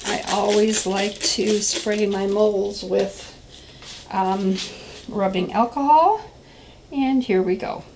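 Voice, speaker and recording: Woman, mid-pitched, casual craft-tutorial host, talks while she works, lots of ums, faint room noise. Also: slow pace, darkish tone, low-quality recording. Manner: chatty, thinking aloud with frequent ums. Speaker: soap maker demonstrating a recipe.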